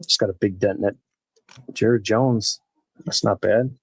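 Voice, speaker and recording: Guy with a gravelly husky voice, rambling card break host, dry close sound. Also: on the low side, steady tone, a little slow, no echo, low-quality recording. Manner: rambling, chatty, talks to viewers by name. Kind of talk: casual live-stream chat while opening packs.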